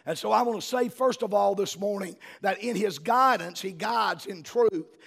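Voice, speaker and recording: A middle-aged man, preaching a sermon as a pastor and building to fervent shouting. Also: high voice, moderate pace, gravelly.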